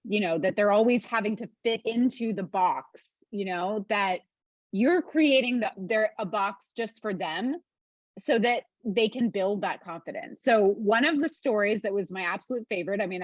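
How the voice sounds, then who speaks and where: A woman's voice: medium pitch, dry recording. A woman interviewing an author, praising her book with enthusiasm and casual fillers. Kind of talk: interview questions. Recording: dry, dull lo-fi audio.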